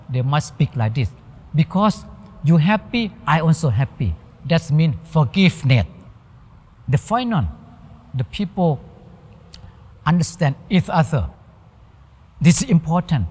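Monk preaching, lively high voice. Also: male voice, breathy edge. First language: Thai. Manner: simple halting English, acts out little dialogues. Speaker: Buddhist monk giving a dharma talk. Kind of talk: sermon. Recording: long hall reverb.

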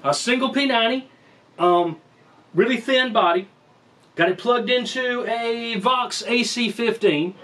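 A man with a fairly high voice gives a casual guitar review in a room at home. He rambles, jokes and interrupts himself. He is picked up on a camera mic, sometimes from across the room. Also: a little slow, fairly bright tone. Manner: rambling, jokey, self-interrupting. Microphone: camera mic, sometimes far.

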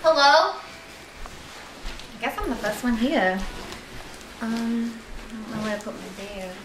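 A woman's voice: on the high side, lively intonation, unhurried, very noisy. A young woman playing a chatty, scatterbrained reality-show contestant who rambles with lots of "like" and "um," in a mock confessional. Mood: flustered. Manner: rambling, full of "like" and "um". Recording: echoey room.

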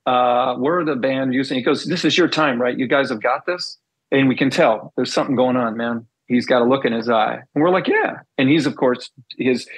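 A middle-aged man, a former band bassist, telling stories in a casual interview and acting out the dialogue he recalls. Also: breathy edge, low-quality recording. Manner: animated storyteller, acts out quoted dialogue.

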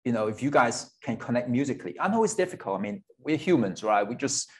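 A man's voice: mid-range voice, expressive, fast talker, hardly any pauses. A man in his forties from Hong Kong, a guest guitarist in a casual interview, speaking candidly, swearing now and then and laughing between thoughts. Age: 40s.

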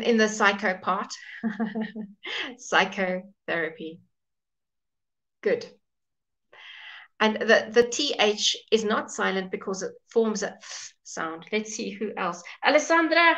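A woman teaching English pronunciation in a live online class. She says each example word slowly, repeats it, and greets viewers by name as she goes. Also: fairly high pitch, a bit bright. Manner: models words slowly and repeats them.

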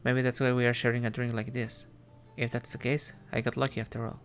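A man voicing a crude male devil on a train, low and gravelly, talking slowly. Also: level tone, faint music behind, close to an everyday voice. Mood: drawling. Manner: slow, crude, drawling.

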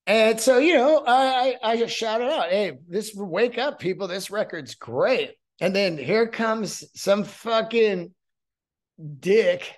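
Male comedian-host, solo podcast monologue, loose and profane, slightly high pitch.

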